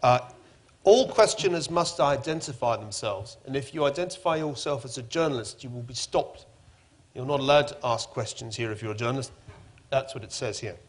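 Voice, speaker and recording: A middle-aged man moderating a public forum with a wry, lively manner. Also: brisk. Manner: wry, lively, rising pitch when emphatic.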